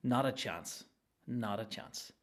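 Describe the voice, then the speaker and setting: A young adult man with a Northern Irish accent, hosting a solo comedy podcast with an animated, sweary rant that jumps from topic to topic. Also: on the low side, takes it slowly. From Northern Ireland. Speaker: podcast host.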